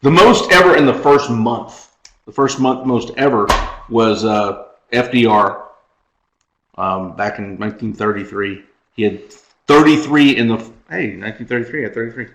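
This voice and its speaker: A man's voice: medium pitch, normal speed, a bit bright, echoey room, a little hiss or hum, poor audio. A man co-hosting a podcast in casual chat, rambling through a story and laughing at his own jokes. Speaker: podcast co-host.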